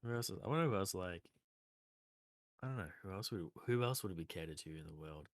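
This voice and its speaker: A man's voice: low-pitched, animated, fast talker, dry recording, clean studio sound. A man, co-hosting a casual podcast and joking around, slipping into silly voices. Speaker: podcast co-host. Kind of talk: casual chat.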